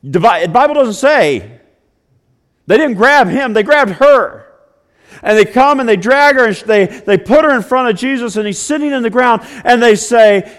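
A male pastor preaching a sermon, swinging from loud declarations to hushed, slow storytelling. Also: very high-pitched, expressive.

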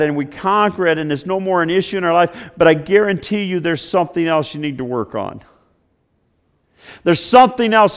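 A man preaching a sermon, telling the story with conversational asides, swinging between loud and hushed passages. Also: high-pitched, smooth. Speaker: pastor.

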